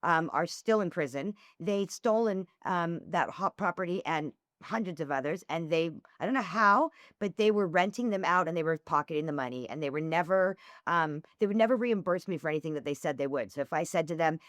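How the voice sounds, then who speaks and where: A podcast guest who used to host swingers events tells stories in a casual chat, animatedly acting out the dialogue. Her fairly low voice comes quickly with hardly any pauses, in studio-quality sound without room noise.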